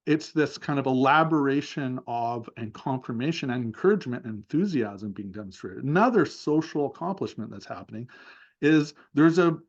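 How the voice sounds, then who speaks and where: Over a video call, a man gives a seminar talk, thoughtfully walking through a session step by step with lots of fillers. His voice is mid-range, and the recording sounds muffled.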